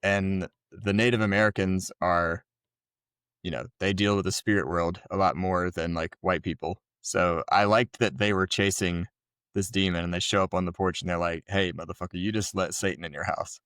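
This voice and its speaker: Man, very low voice, dry close sound, casual film review chat, swears a lot. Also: moderate pace, clear, resonant tone, no echo. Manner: relaxed, swears freely, laughs often. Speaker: podcast co-host.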